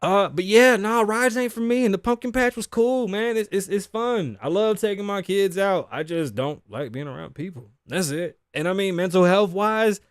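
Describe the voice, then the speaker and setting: Sitting at his home studio desk, a man in his thirties hosts a casual podcast chat, rambling and profane with plenty of laughter. His high, smooth voice is animated, moving at a moderate pace with few pauses, and the recording is clean studio sound with no echo.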